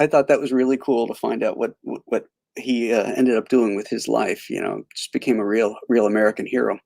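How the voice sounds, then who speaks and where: A man's voice: medium pitch, gravelly, a little mellow, no room sound. Rambling man chatting about old films. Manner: rambling, many fillers and restarts. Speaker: host. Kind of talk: casual film commentary.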